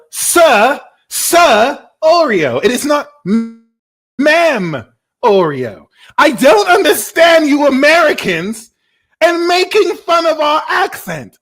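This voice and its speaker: A man's voice: high voice, fairly bright tone, heavily acted. A man voicing a cheeky, vain British tarot reader with a put-on British accent, playful and teasing during a live tarot reading. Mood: mock-indignant. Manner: playful, teasing, mock-indignant.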